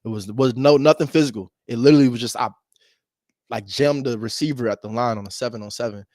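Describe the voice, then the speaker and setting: A man working as a real estate wholesaler, chatting casually to his viewers between cold calls and talking fast with deliberate pauses. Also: medium pitch, a little mellow, no echo. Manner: fast talker who makes a point of pausing on calls. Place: at home with his dog nearby.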